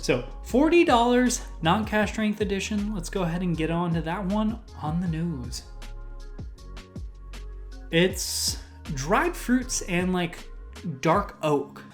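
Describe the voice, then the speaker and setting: A man hosting his own whiskey review channel, casually listing tasting notes with lots of "like" fillers. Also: high voice. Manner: rambling lists of tasting notes, full of "like" fillers.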